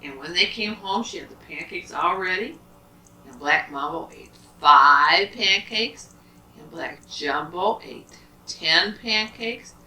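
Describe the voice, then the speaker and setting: Animated storytelling woman, lowish bright voice, echoey home room from a distance. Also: takes it slowly. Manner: animated, asks the child questions. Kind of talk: telling a bedtime story to a child. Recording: roomy, from a distance.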